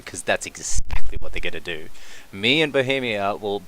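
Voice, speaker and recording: Let's-play commentator: man, bright, excitable, casually profane, thinks aloud. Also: medium pitch, normal speed, soft background music. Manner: swears casually. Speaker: gameplay commentator.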